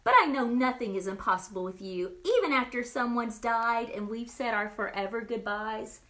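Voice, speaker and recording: A woman reading a storybook, voicing a grieving sister who pleads breathlessly in a high voice. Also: lively intonation, normal speed, pushed and bright. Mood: pleading.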